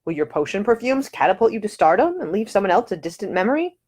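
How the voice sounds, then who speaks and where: A woman's voice: medium pitch, sing-song, quick pace, darkish tone, husky, voice pushed up. A woman voicing a wry young nobleman who talks with dry humor and fussy opinions. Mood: probing. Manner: wry, fussy about decor.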